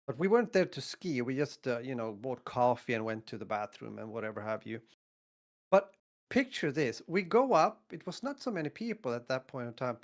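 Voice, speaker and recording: A man in his fifties from northern Sweden with a Swedish accent, telling stories in a casual podcast chat, acting out quotes and laughing often. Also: fairly quick. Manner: animated, acts out quotes with big pitch jumps, laughs often. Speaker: podcast co-host.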